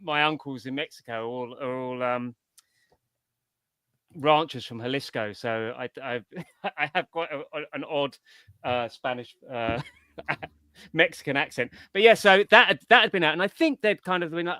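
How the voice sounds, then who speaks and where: A man's voice: mid-range voice, normal speed, pushed and bright, no echo. A middle-aged man, a comics writer, in a casual interview, telling his story in a rambling, digressive way.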